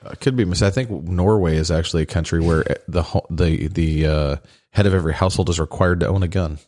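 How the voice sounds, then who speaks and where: A man with a very low voice chats casually with his co-hosts, rambling through joking remarks and restarting his sentences as he thinks. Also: brisk, a little mellow. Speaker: podcast co-host. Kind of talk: casual chat.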